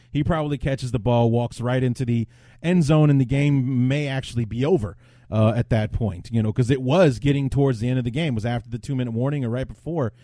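Blunt, rambling podcast host, dry sound. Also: male voice, mid-range voice, warm tone, no echo. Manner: rambling, restarts often, blunt. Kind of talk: casual sports podcast chat.

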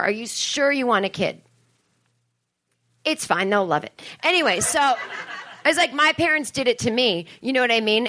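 A woman's voice: mid-range voice, sharp tone. A woman comedian talking to a live crowd on a club stage, rambling and acting out the people she quotes. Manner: rambling, acts out quoted voices. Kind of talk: live stand-up crowd talk.

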